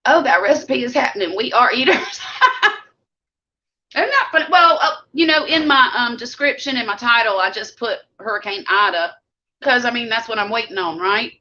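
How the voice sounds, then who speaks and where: A middle-aged Southern woman talks in a bright, slightly high voice, chatty and homey, and she eats as she speaks. The live stream audio is dull and lo-fi. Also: a little fast. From Mississippi Gulf Coast. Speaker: vlog host. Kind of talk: casual live-stream chat with viewers.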